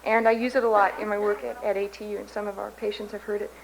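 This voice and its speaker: A woman's voice: mid-range voice, little pitch movement, fast talker, vocal fry. A woman from Kansas giving a candid, self-mocking personal recovery testimony from a podium in a large convention hall. She laughs often at herself. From Kansas, USA. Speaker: main speaker at a recovery convention.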